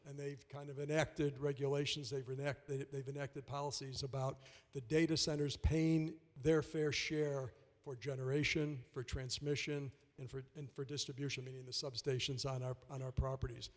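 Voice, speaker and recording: A man making remarks at a public forum, halting and restarting often. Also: on the high side. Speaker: industry representative. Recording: reverberant hall.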